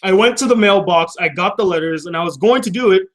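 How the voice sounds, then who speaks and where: A young man with a high voice hosts a casual vlog from his room at home. He rambles, jokes at his own expense and swears freely as he reads out fan mail. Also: fast talker. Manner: profane, joking, self-deprecating.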